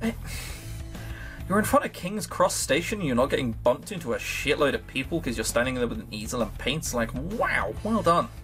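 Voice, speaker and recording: A man's voice: medium pitch, big pitch swings, normal speed, a bit bright, faint music behind. A man reads a visual novel aloud, breaking off for sarcastic jokes and casual swearing. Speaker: let's play host. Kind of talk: reading a visual novel aloud with joking commentary.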